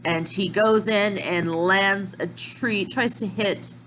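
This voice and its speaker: A woman casually recapping manga chapters in a chatty, excitable way, with slips and restarts. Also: mid-range voice, slow pace, noisy background. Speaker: manga reviewer.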